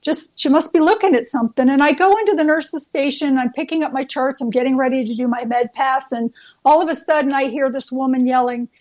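A woman's voice: high-pitched, brisk, a little mellow. A nurse, a woman, earnestly telling heartfelt stories as a guest, with frequent fillers and restarts. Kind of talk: storytelling guest on a talk show.

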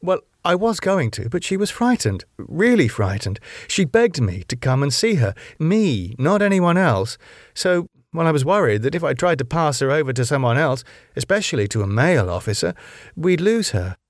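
A man's voice: fairly high pitch, very animated, moderate pace, dry recording, clean studio sound, voice pushed up. A man voicing an earnest young woman police inspector who sounds urgent and defensive. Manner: urgent, pleading, flustered.

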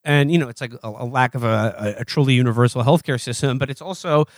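A man's voice: medium pitch, no room sound. Guy hosting an interview, mid voice, keeps saying like, dry close sound. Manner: halting, many "like" fillers and restarts. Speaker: interviewer host. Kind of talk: conversational interview.

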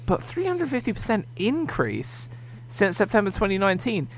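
An Englishman co-hosting a casual podcast chat. His voice has a gravelly, fry-edged texture. He talks in an exasperated way and trips over repeated words as he restarts. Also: high voice, wildly swooping pitch, normal speed, a little hiss or hum. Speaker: podcast co-host.

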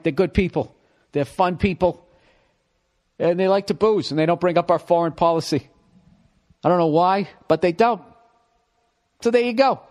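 A middle-aged man with a Boston accent, hosting a podcast with a profane, animated comedic ramble. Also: a little high. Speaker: podcast host.

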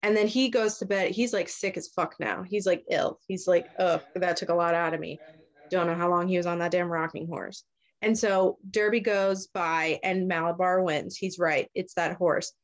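A woman's voice: fairly low pitch, steady tone. A young woman in casual chat, retelling a story in a loose, profane way and briefly acting out the characters' lines. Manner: casual, profane, acts out characters in quick voices. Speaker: podcast host retelling a story.

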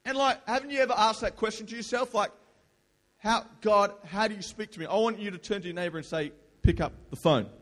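High-voiced young pastor in a hall. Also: male voice, quick pace. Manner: casual storytelling, energetic crowd prompts. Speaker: youth pastor. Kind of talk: lively youth sermon. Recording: long hall reverb.

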